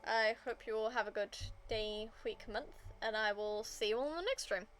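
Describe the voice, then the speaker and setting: A woman's voice: a little high, moderate pace, fairly bright tone, slight background noise. A woman game streamer chatting casually to her viewers, rambling with lots of fillers.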